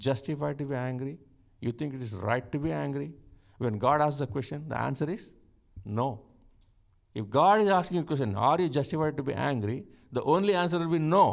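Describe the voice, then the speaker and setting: A man preaching a conversational sermon, asking rhetorical questions and chuckling now and then. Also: a little high.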